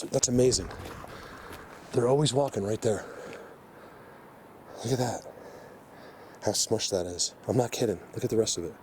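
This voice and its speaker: A man hosting an outdoor vlog, rambling excitedly with many fillers as he walks through a mountain forest. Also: sits low, background noise. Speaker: vlog host exploring the outdoors. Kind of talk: casual walking vlog commentary.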